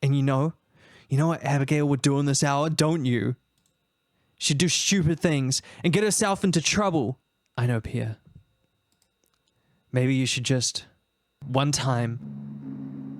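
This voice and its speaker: A man voicing a weary middle-aged woman, a shopkeeper's wife, in a low, hushed, resigned voice. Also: unhurried, long pauses, no room sound, clean studio sound, close to an everyday voice.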